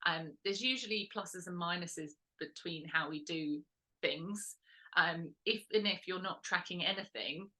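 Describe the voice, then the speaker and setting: Woman running a budgeting workshop, low voice but bright and forceful, chatty and rambly, lots of ums. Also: a little slow. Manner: chatty, rambling, self-correcting with frequent "um"s. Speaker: lifestyle workshop host. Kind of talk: casual instructional talk.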